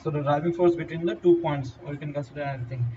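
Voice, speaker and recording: A man with an Indian English accent giving a halting whiteboard lecture, with fillers and restarts. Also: on the high side, fairly even intonation, warm tone. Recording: distant, dull lo-fi mic with faint noise.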